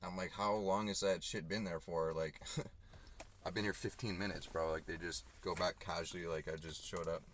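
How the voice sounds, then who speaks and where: Low-voiced man ranting in his car. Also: fairly bright tone. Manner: profane, rambling, loose. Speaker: delivery driver. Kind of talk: casual ranting vlog. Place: inside a car. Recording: noisy car recording.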